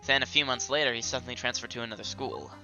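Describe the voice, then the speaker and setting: A man voicing an earnest young male defense attorney who tells his past in a soft, wistful way. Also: mid-range voice, racing, faint music behind.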